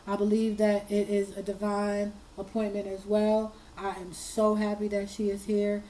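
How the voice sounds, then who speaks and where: A woman talks to her audience with a hoarse, tearful voice that she keeps steady. Her tone is dark and mellow and stays mostly level. She is earnest and repeats herself as she presses on. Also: medium pitch, moderate pace, hardly any pauses, slight background noise, rough recording. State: hoarse, fighting tears. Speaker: commentary channel host. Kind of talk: emotional commentary.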